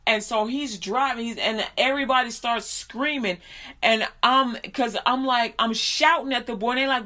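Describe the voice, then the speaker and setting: A woman telling a story in a casual, conversational way, with fillers and restarts, who becomes animated as she retells it. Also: on the high side, moderate pace. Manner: animated, laughs and shouts while retelling. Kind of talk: casual storytelling with faith talk.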